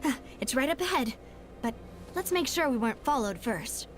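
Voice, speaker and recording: A woman's voice: high voice, expressive, moderate pace. An actress voicing a poised, gracious young woman who leads a group in a video game. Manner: gracious, polite, composed. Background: game music.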